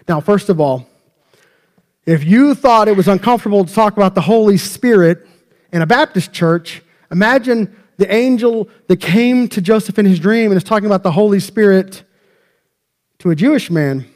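Casting: male pastor, slightly high voice, chatty sermon with humorous asides to the congregation. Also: normal speed, long pauses, a little mellow. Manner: conversational, joking asides to the congregation. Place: church sanctuary.

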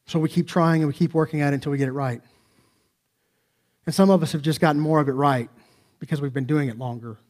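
Male pastor, slightly raised pitch; earnest, conversational sermon delivery with rhetorical questions. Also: a little mellow.

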